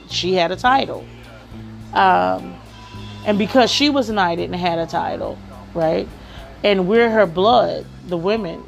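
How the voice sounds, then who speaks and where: A woman's voice: mid-range voice, creaky. A woman hosting a podcast, giving work advice in a casual monologue, often checking in with "okay?" and "right?".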